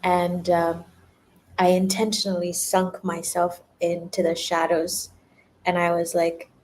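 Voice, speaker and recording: Slow, low-voiced spiritual woman who laughs a lot. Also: completely flat delivery, darkish tone. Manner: laughs often, repeats words, acts out little quoted voices. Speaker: spiritual energy reader. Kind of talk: spiritual livestream talk.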